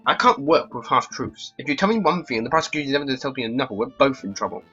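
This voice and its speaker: Guy doing a firm clipped falcon lawyer, bright voice, dull-ish audio, faint music. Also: mid-range voice, animated, fast talker, breathy edge. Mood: stern. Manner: clipped, firm, bluffing legalese. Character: confident male falcon defense attorney.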